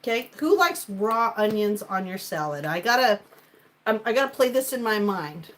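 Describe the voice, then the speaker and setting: A chatty woman hosts a casual cooking livestream from her home kitchen. She rambles and jokes with her viewers and even talks to her food, in a mid-pitched voice. Soft clinks of dishes and pans sit faintly behind her. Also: moderate pace, a little hiss or hum, low-quality recording. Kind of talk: casual live-stream cooking chat.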